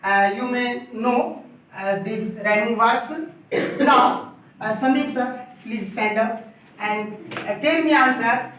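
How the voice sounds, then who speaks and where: A woman's voice: fairly high pitch, takes it slowly, fairly bright tone. A woman with an Indian English accent teaching a classroom lesson, encouraging and praising answers. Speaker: teacher giving a demo lesson. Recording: very echoey room, distant mic, faint noise.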